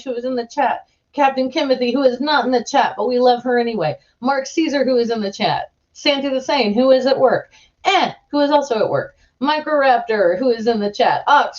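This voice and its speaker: A woman's voice: fairly high pitch, a little mellow. Chatty giggly woman on a lo-fi stream. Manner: chatty and giggly, rambling with restarts. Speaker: live stream host. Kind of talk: casual live-stream chat.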